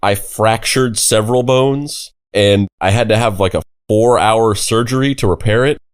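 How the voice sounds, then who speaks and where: Brief: young male podcast co-host, low voice, casual rambling storyteller, swears freely. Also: normal speed, clear, resonant tone. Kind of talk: casual chat.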